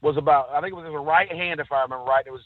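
A man co-hosting a casual chat, telling stories with lively acted-out quotes. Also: on the high side, rapid-fire, no room sound. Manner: animated storyteller, acts out quotes. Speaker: podcast co-host. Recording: dry, tinny phone-like sound.

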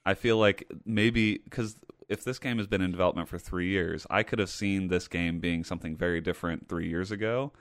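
A man co-hosting a gaming podcast, speaking in casual chat. He is animated and emphatic and repeats points for effect. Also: deep voice, a little fast, few pauses, no room sound, studio quality. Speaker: podcast host.

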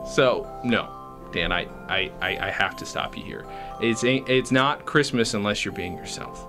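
An actor playing an awkward, patient man confronting his friend, talking in a hesitant, halting, polite way in a comedy sketch. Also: on the low side, over music, natural voice.

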